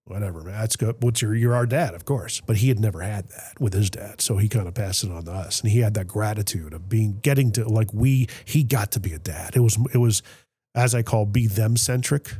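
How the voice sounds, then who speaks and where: A man hosting a podcast, telling a personal family story in a reflective, emotional way, often trailing off softly, with a Middle Tennessee accent. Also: lowish voice, a little fast, slightly rough. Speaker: podcast host. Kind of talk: candid conversational storytelling.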